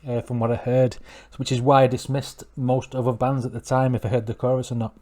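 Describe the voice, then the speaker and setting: A man's voice: mid-range voice, brisk. A middle-aged man hosts a music reaction video. He rambles and keeps correcting himself as he gets worked up about a song. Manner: rambling, self-correcting, excitable. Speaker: music reaction channel host. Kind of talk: casual reaction commentary.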